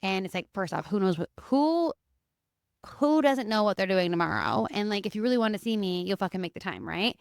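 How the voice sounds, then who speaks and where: A young woman hosting a podcast, telling her dating story in a candid, animated way, swearing freely and acting out the lines she quotes. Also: mid-range voice, brisk, creaky, no echo, studio quality. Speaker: podcast host. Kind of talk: casual confessional storytelling.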